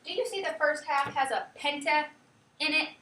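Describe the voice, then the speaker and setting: A high, bright woman's voice leads a classroom lesson, lively and chatty. She keeps checking in with the class. The sound is roomy and distant, as if caught by a camera across the room. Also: normal speed, a little hiss or hum. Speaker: teacher.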